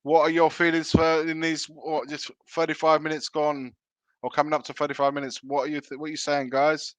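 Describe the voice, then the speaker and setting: A man's voice: a little high, level tone, a little fast, a bit bright, no room sound. A man hosting a live football watch-along, calling the play-by-play with chatty asides to his viewers.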